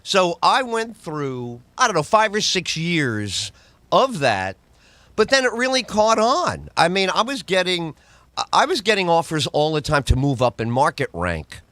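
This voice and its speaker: A man's voice: a little high, a little slow, dry recording. A middle-aged man from New York, a radio host and comedian, telling stories in conversation and acting out other people's lines. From New York, USA. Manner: acts out other people's lines in lively voices. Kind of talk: animated storytelling in conversation.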